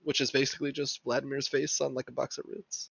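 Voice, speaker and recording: Husky, wisecracking voice on a dry mic. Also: mid-range voice, level tone, fast, no echo, highs cut off. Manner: joking, drops wisecracks. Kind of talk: casual chat.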